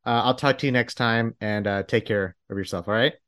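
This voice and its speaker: A man's voice: fairly low pitch, fairly quick, a bit bright, clean tone. Man, podcast host, loose rambling delivery, lots of restarts. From Texas. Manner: rambling, many restarts and fillers. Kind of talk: casual interview chat.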